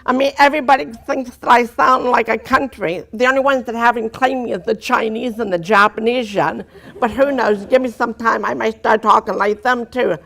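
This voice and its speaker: Her voice is a little high, fairly bright and creaky, with a steady tone and normal speed. She's a deaf woman giving an earnest personal testimony with dry humor before an audience, and listeners often take her distinctive vowels and articulation for a foreign accent.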